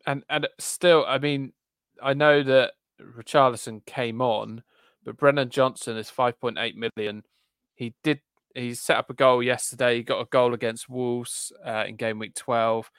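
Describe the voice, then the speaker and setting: Male podcast co-host, smooth resonant voice, dry close sound, chatty and wry. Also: medium pitch, measured pace, no room sound. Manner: chatty, self-deprecating, animated asides. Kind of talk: casual chat.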